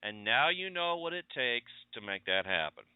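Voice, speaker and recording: A man's voice: mid-range voice, big pitch swings, normal speed, clean tone, no room sound. A radio show host chatting casually and telling rambling stories about his week. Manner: rambling, conversational storytelling. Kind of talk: casual chat monologue. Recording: tinny phone-line audio.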